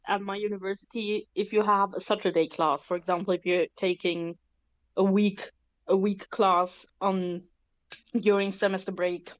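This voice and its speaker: A woman's voice: medium pitch, no echo, dull audio. A woman student chatting casually, telling a story in a wry tone. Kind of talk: casual chat.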